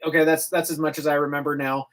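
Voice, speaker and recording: A man's voice: fairly high pitch, fast talker. Male morning radio host, middle-aged, casual and chatty, wanders off on tangents. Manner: chatty, rambling, animated with laughs.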